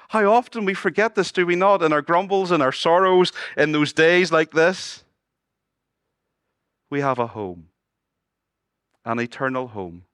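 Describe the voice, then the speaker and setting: A man preaching a sermon as pastor, moving between loud exclamations and hushed, low passages and asking his congregation questions. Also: expressive, unhurried, long pauses, clean tone, no room sound, clean studio sound. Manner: asks the congregation questions and jokes with them. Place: church.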